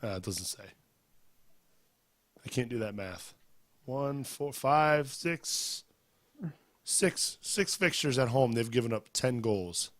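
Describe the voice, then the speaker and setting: A man with a sore throat hosts a football podcast, moving between casual banter and upbeat plugs. His mid-pitched voice sounds dry and close, with no room around it. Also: animated, slow pace, long pauses, a bit bright, no room sound. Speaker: podcast host. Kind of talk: casual sports chat.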